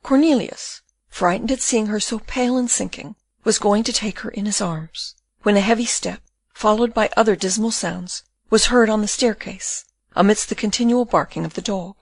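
A woman narrates a classic novel as an audiobook, her delivery measured and expressive. Her pitch is medium, and the recording is dry.

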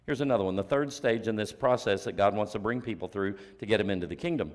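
A man preaching a sermon as pastor, firing off rhetorical questions and dropping to a hushed near-whisper for emphasis. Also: fairly low pitch, fast talker. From United States.

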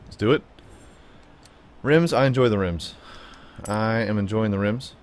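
A man giving playful, chatty gameplay commentary, talking to his car and his viewers. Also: a little slow. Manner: playful, chatty, talks to the car and viewers, jumps into high silly tones. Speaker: gaming YouTuber.

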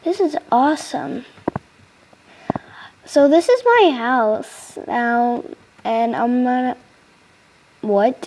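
A woman's voice: high voice, extremely slow, long pauses, a little mellow, a little hiss or hum, rough recording. A young woman casually commenting on her gameplay, chatty and giggly, easily startled, into a close computer mic. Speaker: gaming channel host.

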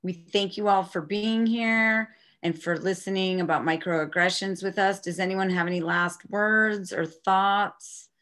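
A woman's voice: medium pitch, steady tone, unhurried, few pauses, fairly bright tone. A woman presenting an online conference workshop, speaking in a casual, friendly way.

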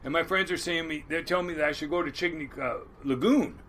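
A man's voice: a little high, fast, a bit bright, a little hiss or hum. A man in his sixties, a crab boat captain from the US Pacific Northwest, tells a rambling, salty story in a casual interview. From Washington State, US. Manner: rambling yarn-spinner, salty and blunt.

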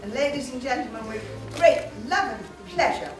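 A woman giving a chatty, joking curtain speech to a theatre audience, and reciting a sonnet slowly. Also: high voice, animated. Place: large theatre hall indoors. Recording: echoey hall from far off with music.

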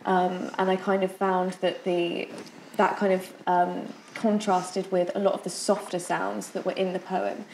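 A woman's voice: lowish voice, flat delivery, a little slow, vocal fry, darkish tone, roomy sound, slight background noise, poor audio. A young woman student answering interview questions tentatively, with many fillers. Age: young adult.

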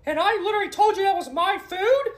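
A woman's voice: extremely high pitch, fast, roomy sound. A woman voicing a cranky, hot-tempered male cartoon mouse who scolds and demands in a fan-made skit. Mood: bossy. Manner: scolding, demanding, yells when angry.

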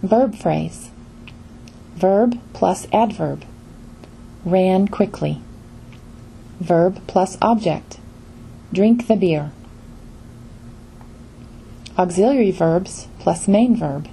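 A woman with a lowish, warm voice reads a scripted pronunciation lesson. She speaks in measured phrases with clear pauses between them. A faint hiss sits under the recording. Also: rough recording. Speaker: English pronunciation teacher. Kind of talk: scripted instructional narration.

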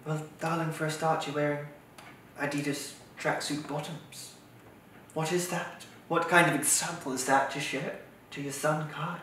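An actor playing a snobbish, condescending upper-class nanny who talks down to everyone and calls them darling. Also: male voice, on the high side, level tone, normal speed, a bit bright, far from the mic, lightly acted. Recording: echoey room, off-mic, faint noise.

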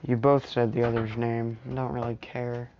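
A woman's voice: a bass voice, level tone, normal speed, lo-fi sound, slight background noise. A woman telling a fan story in a casual, rambling way at home, full of "you know" and "anyway". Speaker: storyteller vlogger. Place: at home with family around.

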